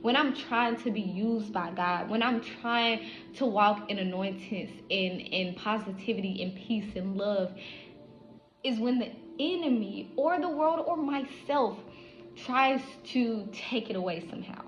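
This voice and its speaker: A woman, an insurance agent telling a story in a casual late-night vlog, animated and chatty. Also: mid-range voice, unhurried. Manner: animated, chatty, acts out quotes in her own voice. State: just woke up at night. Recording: echoey room, dull lo-fi sound, faint music.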